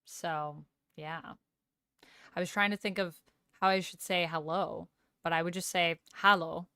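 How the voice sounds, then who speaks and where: A woman's voice: lowish voice, fairly even intonation, measured pace, a bit bright, clear, resonant tone, dry recording, studio quality. A woman streamer chatting casually on a livestream, reading out chat messages, answering them and trying out phrases with a light laugh. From Canada. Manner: reads out chat and chats back, tries out phrases with a light laugh.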